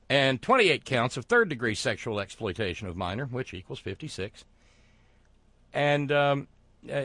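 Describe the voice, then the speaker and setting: Male show host, mid-range voice, sardonic and halting, dry and close. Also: medium pitch, a bit bright, no room sound. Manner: sardonic, wry, halting with fillers. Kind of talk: sardonic monologue commentary.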